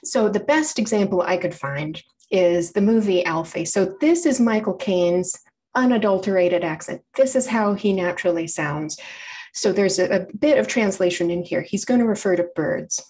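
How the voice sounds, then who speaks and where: A woman's voice: mid-range voice, normal speed, a little mellow, rough recording. Chatty woman giving a library talk. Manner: chatty, explanatory, wry asides. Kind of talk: public talk.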